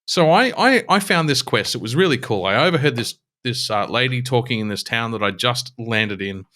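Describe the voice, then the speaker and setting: An Australian man tells stories in casual podcast talk, acting out the characters he describes. His pitch swings widely and his voice stays bright. He swears casually as he goes. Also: normal speed. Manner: animated storyteller, acts out game characters, swears freely. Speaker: podcast co-host. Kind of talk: casual chat.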